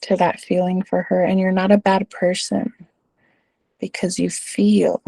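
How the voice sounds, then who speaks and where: A middle-aged woman with a Texan accent talks through school stories in an interview. Her voice is warm and gravelly, and she leans on fillers and "right?" tags. The sound is close and dry, with no room echo. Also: fairly low pitch, level tone, measured pace. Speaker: school administrator. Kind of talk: interview answer, casual storytelling.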